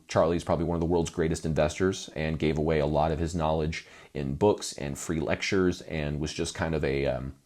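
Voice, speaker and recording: A man's voice: extremely low pitch, darkish tone. A man coaching musicians in a conversational, self-deprecating talking-head video, often checking in with "right?".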